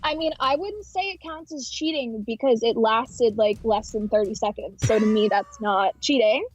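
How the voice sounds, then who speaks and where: Over dull, dry audio, a young woman being interviewed as a guest tells a story quickly and offhandedly. Her slightly high, husky voice is full of "like" and quoted dialogue.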